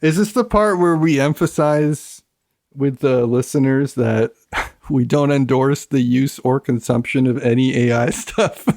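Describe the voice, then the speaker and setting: A man's voice: medium pitch, measured pace, darkish tone, dry recording, clean studio sound. A man co-hosting a podcast in casual chat, upbeat and jokey, laughing often and using "like" fillers. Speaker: podcast co-host.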